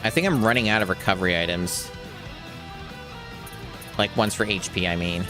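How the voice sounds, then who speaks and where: A man's voice: low-pitched, moderate pace, music in the background. A young man casually commenting while playing a game blind, joking, rambling and swearing now and then. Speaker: blind let's play streamer.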